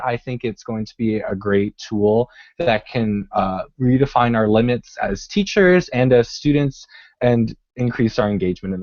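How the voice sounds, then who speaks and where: A man on an online panel giving steady, earnest remarks. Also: medium pitch, dry recording. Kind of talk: prepared remarks on a call. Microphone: video call. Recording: dry lo-fi video call audio.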